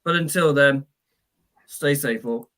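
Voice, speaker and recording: A man's voice: medium pitch, slow pace, bright, forceful tone. A man hosting a sports podcast in an easygoing, friendly way, wrapping up the show with casual patter. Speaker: podcast host. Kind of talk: casual chat.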